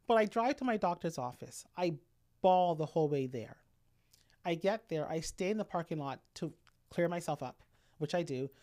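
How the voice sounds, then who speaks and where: A middle-aged woman speaking candidly and reflectively about a personal experience, with pauses and restarts. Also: sits low, a little mellow. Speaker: speaker sharing a personal story. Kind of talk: intimate personal talk.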